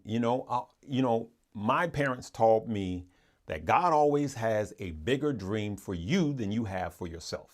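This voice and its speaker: A man hosting a live stream, chatting casually with viewers in an earnest, motivational way, rambling with frequent restarts and repeated words. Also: medium pitch. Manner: rambling and repetitive, with restarts and stammers. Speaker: livestream host.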